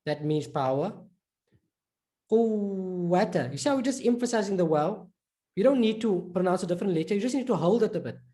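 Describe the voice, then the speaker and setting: A man teaching a recorded lesson, patiently repeating example words slowly and drawn out, with casual "right?" and "okay" check-ins. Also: sits high, animated, mellow. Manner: informal, fillers like "right?" and "okay".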